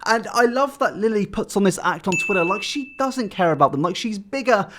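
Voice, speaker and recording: Man reacting to clips, sarcastic and mocking, swings his pitch a lot. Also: expressive, a little fast, noisy background. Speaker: YouTube commentator. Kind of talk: reaction commentary.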